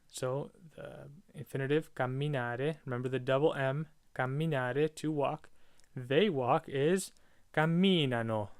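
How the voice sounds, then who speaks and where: A man talking through a recorded grammar lesson in a relaxed, chatty way, repeating each word form twice. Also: mid-range voice, clear, resonant tone, dry recording, studio quality. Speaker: language teacher.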